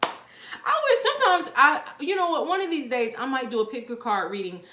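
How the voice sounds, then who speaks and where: A woman's voice: high voice, lively intonation, normal speed, pushed and bright, reverberant. A woman giving a casual pick-a-card tarot reading, chatty and rambling with lots of fillers.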